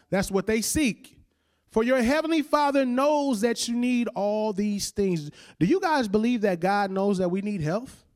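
A man preaching a sermon in a casual, conversational way, slowing down and dropping his voice on key lines and calling on listeners to repeat after him. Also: high voice. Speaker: pastor.

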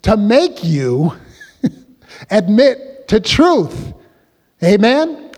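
A man's voice: high voice, very animated, drawn-out words, a little mellow, long reverb tail. A man preaching a sermon as pastor, drawing the congregation in with call-and-response questions.

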